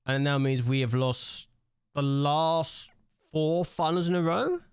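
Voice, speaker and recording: A man's voice: fairly high pitch, a little slow, clean tone, no echo, clean studio sound. A young man giving let's-play commentary on a football management game at a desk mic. He rants and complains in exasperation at what happens on screen. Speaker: gaming YouTuber.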